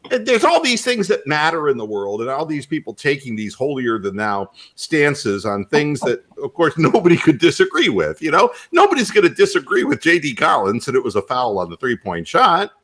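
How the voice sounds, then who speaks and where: Male radio host, wildly swinging pitch, jokey anecdotes, laughs a lot. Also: normal speed, few pauses. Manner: animated storyteller, laughs often. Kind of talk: comic radio chat.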